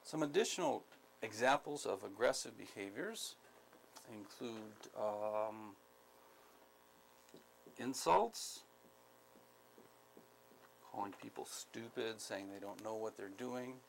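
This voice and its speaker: A man from the United States giving a skills training lecture, speaking deliberately, repeating key points, with many ums. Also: fairly low pitch, creaky, a little hiss or hum, low-quality recording. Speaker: instructor.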